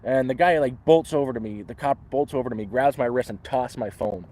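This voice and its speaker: A man's voice: mid-range voice, a little fast, warm tone. Canadian man, live vlog in the woods, rambly storyteller. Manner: rambling, restarts often, acts out voices in quotes. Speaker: livestreamer. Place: outdoors in the woods.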